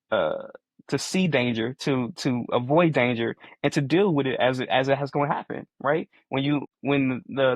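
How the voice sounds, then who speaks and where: A man in his forties talks in a relaxed podcast conversation, earnest and inclined to repeat himself as he builds a point. His voice sits at an ordinary middle pitch. The mic is close and dry, with no room sound. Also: no echo. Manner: earnest, repeats phrases while explaining. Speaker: podcast co-host. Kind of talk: casual podcast chat.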